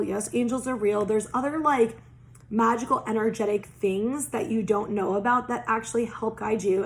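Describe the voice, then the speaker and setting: Chatty, swearing woman reading oracle cards. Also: on the high side. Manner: chatty, rambling, swears casually, many "like" fillers. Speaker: psychic oracle card reader. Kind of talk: casual spiritual card reading.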